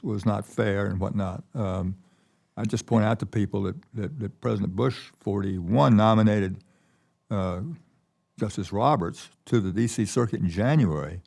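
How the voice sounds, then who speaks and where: An older man with a gravelly, dark voice tells stories on a conference stage. He rambles and restarts often, and his sentences loop back on themselves. He talks at a low pitch in a relaxed, conversational way. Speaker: keynote guest. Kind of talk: conversational storytelling.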